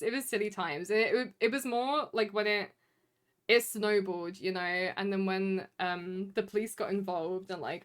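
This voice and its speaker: A woman's voice: mid-range voice, a bit bright. Chatty young woman streamer. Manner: rambling, chatty, heavy use of "like" fillers. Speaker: live streamer. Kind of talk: casual chat with stream viewers.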